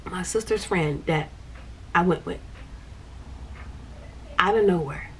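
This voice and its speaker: A woman's voice: fairly low pitch, takes it slowly, slight background noise. A woman tells a personal story, repeating phrases as she vividly recounts the moment.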